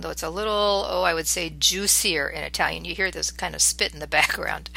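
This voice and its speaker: A middle-aged woman teaching pronunciation, slowly and carefully drilling sounds and words. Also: on the low side, creaky, sharp tone, a little hiss or hum. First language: English. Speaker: language teacher. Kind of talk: pronunciation lesson.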